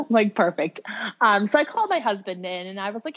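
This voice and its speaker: A woman's voice: mid-range voice, animated, fairly quick, pauses often, fairly bright tone. A woman telling a personal story in a casual, chatty way, full of "like" and "um". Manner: chatty, heavy use of "like" and "um". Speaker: podcast guest sharing her birth story; birth worker with clients. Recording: dull lo-fi recording.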